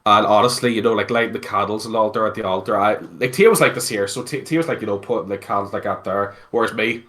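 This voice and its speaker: A man from Belfast, Northern Ireland, appears as an interview guest and tells a story casually, animated and swearing freely amid plenty of fillers. His voice is fairly low, and he talks fast with few pauses.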